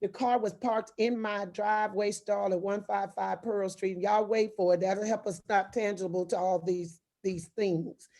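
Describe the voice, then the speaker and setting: A woman guest telling personal stories in an animated way, often laughing as she talks. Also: medium pitch, moderate pace, few pauses. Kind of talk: lively personal storytelling.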